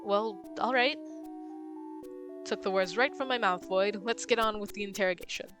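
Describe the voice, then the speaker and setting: A woman's voice: mid-range voice, normal speed, music in the background, close to an everyday voice. A woman reading the lines of a dry, agreeable older male adventurer in a game, in close to her own voice.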